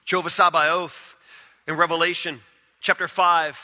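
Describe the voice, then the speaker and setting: A man preaching a sermon in a high, very bright and cutting voice. He swings from loud, urgent declarations to hushed, low passages. His voice rings out with a long hall reverb. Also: level tone, moderate pace.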